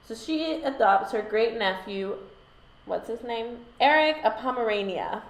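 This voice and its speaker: A woman's voice: mid-range voice, animated, unhurried. A woman vlogger telling a history story in a casual, irreverent way, with lots of "like" and swearing. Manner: irreverent, sarcastic, filler-heavy, swearing. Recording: echoey room.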